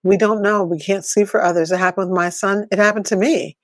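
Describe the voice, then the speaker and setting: A woman's voice: mid-range voice, steady tone, brisk, dry recording. Middle-aged woman, coach, reflective questions, easy laughter, dry recording. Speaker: podcast co-host and coach. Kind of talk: casual chat.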